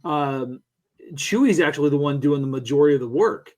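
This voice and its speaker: A man's voice: fairly high pitch, brisk, darkish tone. A man on a casual podcast discussion, jumping in emphatically and eager to add a point. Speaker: podcast co-host.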